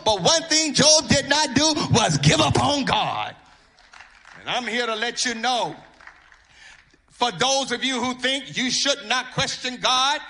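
A man preaching a sermon, half-chanting his lines, repeating words for emphasis and building up to shouts. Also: very high-pitched. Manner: intoning and chanting, rising to shouts.

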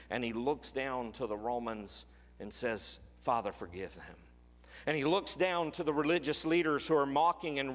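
A man preaching a sermon as a pastor and leading a closing prayer, earnest and often dropping to a soft hush. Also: medium pitch, in a large hall. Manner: earnest, drops to a soft hush on quoted words. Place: church sanctuary.

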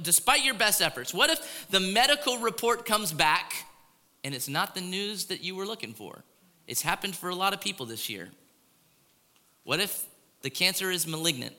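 A man's voice: high-pitched, animated, moderate pace, sharp tone. A man preaching a conversational sermon as a pastor, often asking his congregation "right?". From Florida. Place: large church hall. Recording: long hall reverb.

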